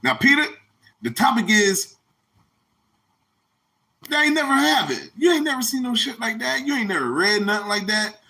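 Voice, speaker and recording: A man's voice: extremely high pitch, big pitch swings, normal speed, vocal fry, long pauses, pitched above the performer's own voice, full character voice. A man playing a brash, joking Jesus who curses and rallies his disciples to debate. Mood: rowdy joking. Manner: rowdy, profane, shouting.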